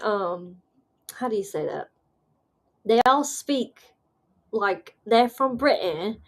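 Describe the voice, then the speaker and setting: Hosting a live paranormal stream, this Southern American woman chats casually through the live comments with a slightly high voice. Laid-back and talkative, she breaks into laughter easily and uses many fillers.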